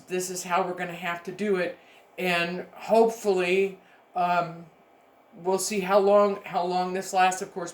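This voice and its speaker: Emphatic woman instructor in an echoey room. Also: on the low side. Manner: emphatic, repeats points, talks to students directly. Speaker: university education instructor. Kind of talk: recorded online lecture.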